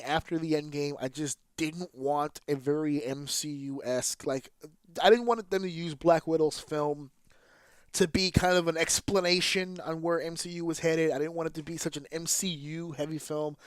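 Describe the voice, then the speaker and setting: A man's voice: fairly high pitch, fairly even intonation, moderate pace, smooth, no room sound, clean studio sound. A man hosting his own podcast, giving casual solo commentary in a candid, casually profane way with fillers and restarts. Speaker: podcast host.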